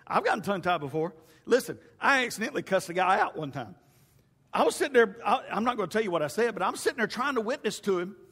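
A man's voice: sits high, lively intonation, fast, a bit bright, husky. A male pastor preaching a folksy, conversational sermon straight to his congregation. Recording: reverberant hall.

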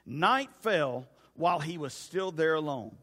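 A man's voice: a little high, animated, unhurried, a bit bright. A man preaching a casual sermon, rambling into jokey asides and talking straight to the congregation. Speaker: youth pastor. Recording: long reverb in a hall.

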